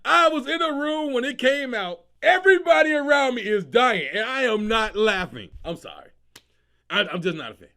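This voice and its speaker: A man's voice: very high-pitched, moderate pace. A man hosting his own comedy show, talking casually and with lots of slang, often laughing as he riffs. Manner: animated, slangy, breaks into laughter. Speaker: comedian host.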